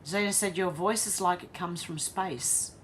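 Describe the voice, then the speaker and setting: A woman's voice: lowish voice, unhurried, a little hiss or hum. An Australian woman hosting a casual live stream. She reads viewer comments aloud and chats back to them.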